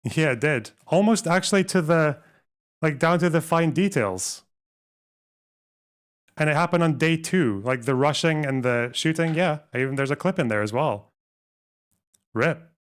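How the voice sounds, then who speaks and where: A man's voice: a little high, lively intonation, measured pace, pauses often. A man streaming a live reaction, talking back at a video with profane, scornful sarcasm.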